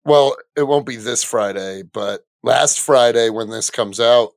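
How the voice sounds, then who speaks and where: A man guesting on a casual podcast, loud and boisterous in his talk. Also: medium pitch, measured pace, creaky, dry recording, clean studio sound. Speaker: guest, comedian. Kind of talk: casual chat.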